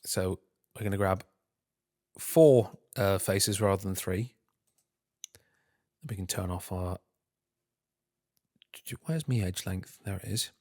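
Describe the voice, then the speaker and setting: Low-voiced man muttering through a tutorial. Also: slow pace, long pauses, darkish tone, no echo, studio quality. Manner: muttering to himself, humming filler syllables while working; self-deprecating, talking through steps. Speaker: tutorial host. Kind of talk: screen-recorded software tutorial.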